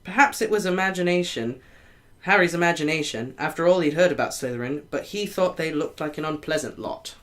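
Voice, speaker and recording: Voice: medium pitch, lively intonation, a little fast, a bit bright. An amateur reader works through a novel chapter aloud in an easy, unpolished way. Now and then a word slips and gets corrected on the spot. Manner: casual reading with stumbles and self-corrections.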